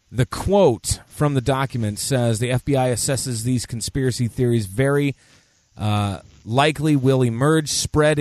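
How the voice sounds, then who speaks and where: A man's voice: mid-range voice, a little mellow, no room sound. Joking man on a dry podcast mic. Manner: joking, crude, reads news aloud. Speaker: podcast co-host. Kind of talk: casual podcast chat.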